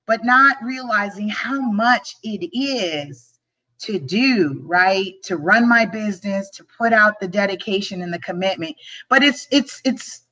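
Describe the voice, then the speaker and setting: On a rough recording, a Philadelphia woman who hosts a show and works in real estate gives a motivational talk on a live stream. Her medium-pitched voice is bright and forceful, a little slow, and she speaks earnestly from the heart, often repeating words when she gets moved.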